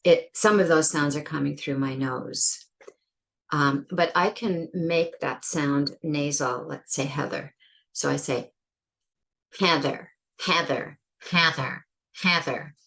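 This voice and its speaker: A woman teaching English pronunciation, speaking slowly and deliberately and exaggerating sounds to demonstrate them. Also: deep voice. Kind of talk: explanatory pronunciation lesson.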